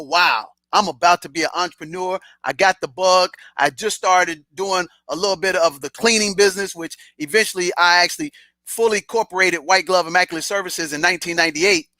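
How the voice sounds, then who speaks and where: A middle-aged man tells a story from his own life in a relaxed, streetwise way, jumping into the voices of the people in it. His voice sits high and bright, with a forceful edge. The sound is dry and close, with no room around it. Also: no room sound. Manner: animated, streetwise, acts out quoted dialogue. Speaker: podcast host telling a personal story. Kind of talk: casual storytelling.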